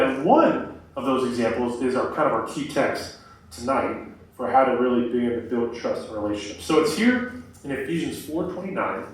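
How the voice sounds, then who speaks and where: A young man preaches to a campus group in a relaxed, chatty way, with plenty of fillers. His voice sits at an ordinary pitch. He is heard from a distance in a strongly echoing room. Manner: conversational, many fillers like "like" and "um". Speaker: campus ministry speaker. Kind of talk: casual sermon.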